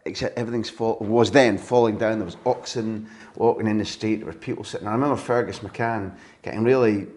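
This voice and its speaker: A man, a football journalist and podcast host, telling animated stories in a relaxed interview. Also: fairly low pitch, a little fast. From Scotland. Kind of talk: conversational interview, storytelling.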